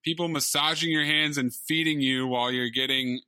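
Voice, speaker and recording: A man co-hosting a podcast, chatting casually and laughing as he runs through a movie's highlights. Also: normal speed, clean tone, no room sound. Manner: animated, laughing, listing highlights. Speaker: podcast co-host. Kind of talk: casual movie review chat.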